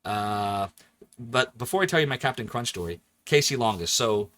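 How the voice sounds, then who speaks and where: A Philadelphia-area man in his forties streams a game, his mid-range voice moving at a normal speed. He chats animatedly in casual let's-play style, laughing often and jumping between joking voices.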